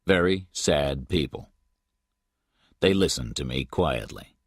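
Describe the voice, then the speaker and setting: A man narrating a detective story in the first person, measured and steady, as a scripted audiobook read. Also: very deep voice, slightly rough, no echo, clean studio sound.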